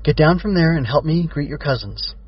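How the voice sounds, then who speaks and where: A man voicing a patient, gentle mother in a storybook reading. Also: medium pitch, animated, a little fast, far from the mic, muffled recording, lightly acted.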